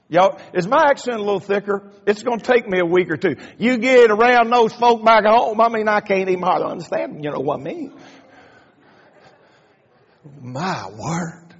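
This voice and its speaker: High-voiced older preacher. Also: male voice, lively intonation, fairly quick. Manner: folksy, joking asides building to fervent preaching. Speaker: pastor. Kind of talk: sermon. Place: church sanctuary. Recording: echoey church hall, dull lo-fi sound.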